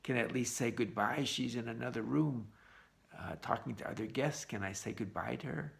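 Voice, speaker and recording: A man voicing a desperate young groom who pleads haltingly for more time, within a story he is telling. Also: medium pitch, vocal fry, fairly bright tone. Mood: pleading.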